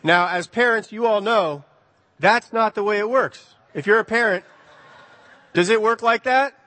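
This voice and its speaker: A man preaching a sermon, animated, swinging between loud emphasis and hushed words. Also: high-pitched, a little slow. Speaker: pastor. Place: church sanctuary. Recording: long reverb of a hall.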